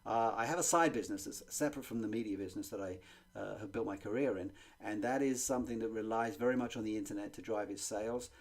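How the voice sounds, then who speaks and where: A man's voice: lowish voice, quick pace. A middle-aged man with an English accent, a magazine publisher presenting a marketing webinar in a conversational style with frequent ums and uhs. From England. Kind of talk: presentation pitch.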